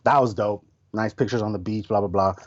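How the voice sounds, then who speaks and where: A man's voice: fairly low pitch, a little fast. Man, podcast guest, casual storytelling, slangy, swears a lot, dull lo-fi sound. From Tucson area, United States. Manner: animated, slangy, swears a lot, mimics others loudly.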